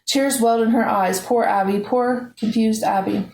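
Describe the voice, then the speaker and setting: A woman reading a novel aloud in a steady, measured way. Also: medium pitch, reverberant, slight background noise, poor audio. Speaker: audiobook reader.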